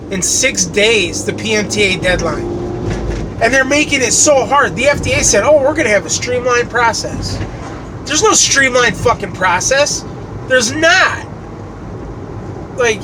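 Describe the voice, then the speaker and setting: A man in his late thirties from the United States, ranting and swearing as he drives. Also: high-pitched. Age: late 30s. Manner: angry, swearing rant. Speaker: vlogger. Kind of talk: ranting vlog while driving. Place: inside a moving car. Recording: road and engine noise from a car.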